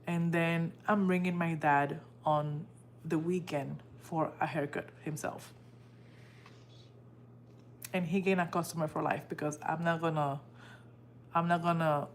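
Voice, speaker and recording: Lower-voiced woman telling a story. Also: a little hiss or hum. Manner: animated, emotional retelling that acts out quoted dialogue. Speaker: livestream host. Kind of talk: casual storytelling to a live audience.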